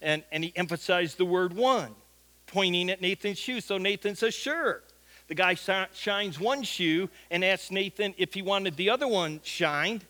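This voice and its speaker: A man's voice: high voice, moderate pace, sharp tone. A middle-aged man, a pastor, telling a folksy anecdote during a sermon. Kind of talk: sermon storytelling.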